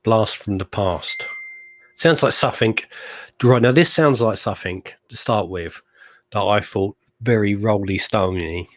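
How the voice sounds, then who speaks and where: A man's voice: lowish voice, measured pace, dry recording. A man co-hosting a casual live-stream show, chatty and enthusiastic as he rambles about old albums and cracks jokes. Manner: jokey, laughs easily. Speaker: co-host of a live music chat show.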